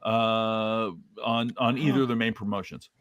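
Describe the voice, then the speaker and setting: A man co-hosting a casual stream, asking questions haltingly with plenty of pauses. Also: fairly low pitch, fairly even intonation, a bit bright, clear, resonant tone, no room sound, clean studio sound. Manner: halting, many uhs, blunt jokes. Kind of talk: casual podcast chat.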